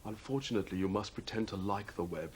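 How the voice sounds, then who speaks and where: A man's voice: fairly low pitch, quick pace, a little hiss or hum, voice pushed down, natural voice. A man playing a pompous, self-important adult male hobby obsessive in a sketch comedy monologue.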